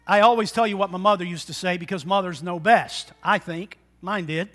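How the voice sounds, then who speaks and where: Male preacher, high bright voice, chatty sermon in church, questions to the pews. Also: brisk. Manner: conversational, asks the congregation questions.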